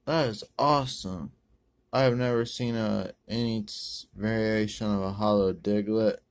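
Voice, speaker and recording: A man rambling through a pack opening, correcting himself and using many ums and uhs, with sudden bursts of excitement. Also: on the low side, measured pace. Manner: bursts of excitement over good pulls. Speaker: card-opening video host. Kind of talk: casual pack-opening commentary.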